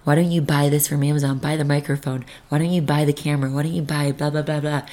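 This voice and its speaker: A woman's voice: low voice, little pitch movement, fast talker, natural voice. A woman voicing her own subconscious as a nagging inner voice that whispers and coaxes her. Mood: coaxing. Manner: hushed, coaxing whisper.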